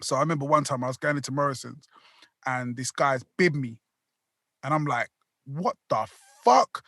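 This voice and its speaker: A man telling animated, sweary stories in a casual podcast chat. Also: mid-range voice, brisk, no room sound, clean studio sound. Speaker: podcast co-host.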